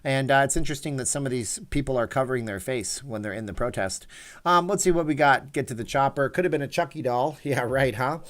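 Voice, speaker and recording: A man's voice: medium pitch, fairly quick, a bit bright. Chatty man hosting a livestream. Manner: rambling, reads chat aloud, chatty asides. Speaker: livestream host. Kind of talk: casual livestream chat.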